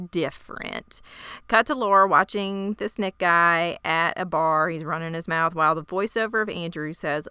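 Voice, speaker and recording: Podcast co-host, woman, lowish bright clear voice, steady plot recap. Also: normal speed, no room sound, clean studio sound. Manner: steady plot summarizing, brief agreeing replies. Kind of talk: casual TV recap narration.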